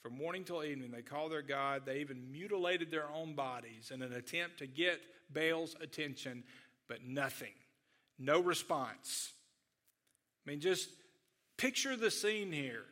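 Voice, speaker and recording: A man preaching a sermon in a conversational teaching manner, often restarting his sentences. His voice sits high and sounds very bright and sharp. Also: lively intonation, a little slow. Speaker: pastor.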